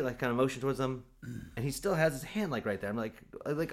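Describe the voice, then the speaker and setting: Animated man telling a funny story. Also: mid-range voice, quick pace. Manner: animated, acts out quotes, laughs often, many fillers. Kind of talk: casual comedic storytelling.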